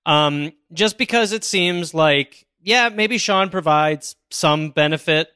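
A man co-hosting an advice podcast, measured when advising and teasing his co-host. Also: a little high, sharp tone, smooth, no room sound, studio quality. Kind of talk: casual podcast chat.

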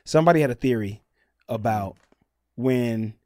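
A man co-hosting a podcast, telling stories in an animated, emphatic casual chat. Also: mid-range voice, moderate pace, dry recording, clean studio sound. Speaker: podcast co-host.

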